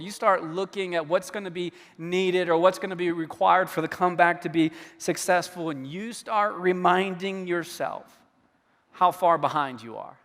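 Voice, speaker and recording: A man preaching a sermon, animated and storytelling, acting out quoted dialogue with stammered restarts. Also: sits high, in a large hall. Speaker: pastor. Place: church hall.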